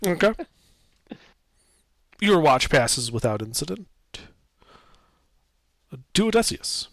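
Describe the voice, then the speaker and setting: A man narrating a tabletop game as game master, describing scenes in a lively, casual way with fillers. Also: on the high side, takes it slowly, vocal fry, no room sound.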